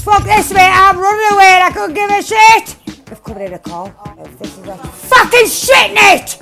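A woman giving excited gameplay commentary as a streamer, shouting, swearing and cheering at the action. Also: extremely high pitch, moderate pace, vocal fry, faint music behind. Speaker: gaming streamer.

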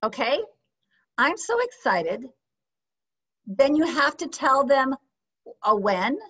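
A woman teaching a sales training session, lively and often checking in with her audience with questions. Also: high-pitched, slow pace, slightly rough. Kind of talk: training session on a video call. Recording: slightly dull lo-fi sound.

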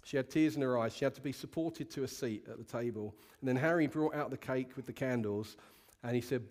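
A man's voice: mid-range voice, a little fast, a little mellow. A male pastor giving a sermon to a congregation, telling a story in a candid, conversational way and asking the room questions. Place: church hall with a congregation.

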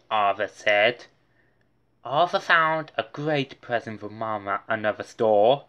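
A woman narrating a children's picture book aloud, reading slowly and expressively with voiced characters. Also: extremely low pitch, animated, fairly bright tone, highs cut off. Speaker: storybook reader. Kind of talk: children's read-along narration.

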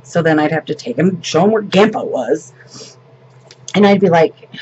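A woman's voice: deep voice, unhurried, long pauses, lo-fi sound, slight background noise. A woman in her fifties, a grandmother and vlogger, telling a family story in casual, rambling chat.

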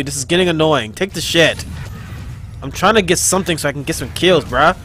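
Excitable, swearing gamer. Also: male voice, on the high side, faint music behind. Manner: excitable, profane, quick to frustration. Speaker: gaming channel host. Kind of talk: live gameplay commentary.

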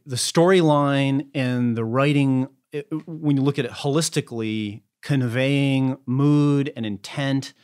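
Wordy, halting male guest. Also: mid-range voice, clear, resonant tone. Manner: wordy, halting, full of fillers. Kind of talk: conversational interview.

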